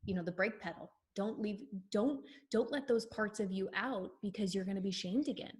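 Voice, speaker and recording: A woman's voice: mid-range voice, moderate pace, a little mellow. A woman from the United States, a podcast guest, explaining ideas in a thoughtful, flowing, therapeutic way. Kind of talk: reflective podcast conversation.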